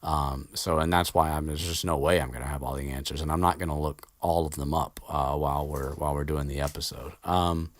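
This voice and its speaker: A man with a very deep voice talks through a book recap in a loose, meandering way, stumbling over restarts and swearing offhandedly. The recording is dry, with no room sound. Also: fairly even intonation, brisk, few pauses, dry recording. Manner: rambling, full of fillers and restarts, swears offhandedly. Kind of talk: casual book recap chat.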